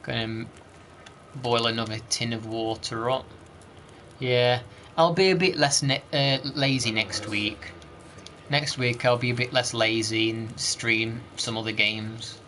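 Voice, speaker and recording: A man with an East Midlands accent talks slowly and easily, chatting with his stream while he plays. His voice is bright and forward, and he keeps a laid-back, muttering tone throughout. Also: medium pitch, fairly even intonation, a little hiss or hum. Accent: East Midlands English. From East Midlands, England. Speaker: game streamer. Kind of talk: casual live-stream chat, reading chat aloud.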